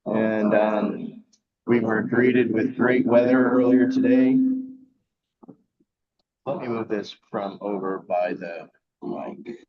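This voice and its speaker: A man reporting in over a call from a headset, halting and full of fillers, with people chattering behind him. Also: on the low side, steady tone. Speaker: event organizer reporting in. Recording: muffled headset line with crowd behind.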